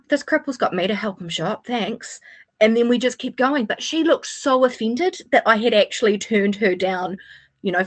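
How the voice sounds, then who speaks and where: Sarcastic woman telling lively stories. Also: medium pitch. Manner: sarcastic, animated anecdote telling with acted-out quotes. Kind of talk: casual radio chat, storytelling.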